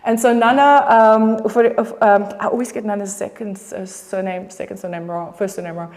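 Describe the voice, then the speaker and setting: Middle-aged woman artist, loose and swearing, mid-pitch, speaking in a big hall with long reverb. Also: fairly even intonation, a little fast, a little mellow. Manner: profane, rambling, self-correcting. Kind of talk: casual artist talk.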